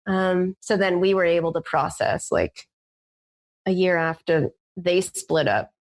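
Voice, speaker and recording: A woman's voice: lowish voice, expressive, measured pace. A woman co-hosting a podcast, telling a personal story with intensity, drawing out words for emphasis. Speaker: podcast co-host. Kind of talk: casual chat.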